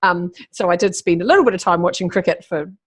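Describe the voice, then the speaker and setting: A woman's voice: on the low side, quick pace, breathy edge. A middle-aged woman, talking animatedly and swearing freely as a guest over a call. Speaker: podcast guest, keynote speaker. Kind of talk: casual conversation. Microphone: remote call.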